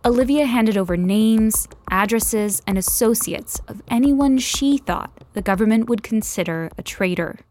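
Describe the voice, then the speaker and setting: A woman giving scripted podcast narration in a measured, clear storytelling delivery. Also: a little high, a little mellow. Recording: music bed under narration.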